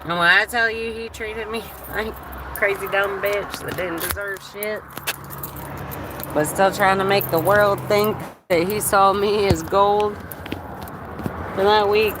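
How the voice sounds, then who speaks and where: A woman's voice: mid-range voice, fairly even intonation, measured pace. A woman livestreaming, telling a personal story in a candid way, with a lot of swearing and laughter. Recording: noisy phone recording.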